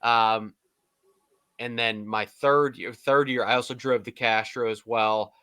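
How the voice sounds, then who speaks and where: A man on a casual podcast, animatedly telling stories with laughter and quick impressions. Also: medium pitch, steady tone, bright, forceful tone, clean tone, no echo. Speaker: podcast co-host, former team staffer.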